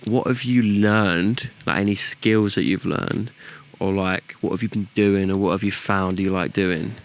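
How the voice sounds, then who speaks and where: A young man tells a story in an easy podcast chat. His voice sits slightly low, and he jumps up into acted-out quotes and swears freely. His talk is loose and full of "like" and "you know what I mean". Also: fairly even intonation, measured pace. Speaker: podcast co-host.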